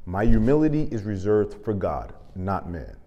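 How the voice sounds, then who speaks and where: A man hosting his own show, delivering a comic, impassioned rant full of profanity that swings from loud to muttered. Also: lowish voice, big pitch swings, moderate pace, long reverb tail, dull audio. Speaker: show host. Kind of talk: comedic monologue rant.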